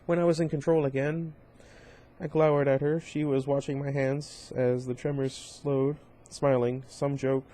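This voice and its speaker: Unhurried and mellow, a reader works through a novel aloud with little pitch movement in his middle-range voice. The reading is informal and rough around the edges, with occasional stumbles, self-corrections, and quick asides.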